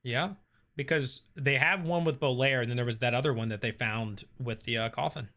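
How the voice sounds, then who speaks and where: Guy on a stream reading chat out loud, bright voice, lots of ums and uhs. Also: mid-range voice, brisk. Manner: reads viewer comments aloud and answers with frequent fillers. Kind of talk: casual livestream chat.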